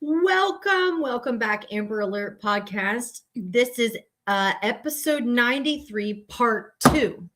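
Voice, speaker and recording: Woman podcast host, casual and rambling, mid-pitched, live-stream chat. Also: unhurried, few pauses, heavy background noise. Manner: chatty and rambling, with many fillers and self-corrections.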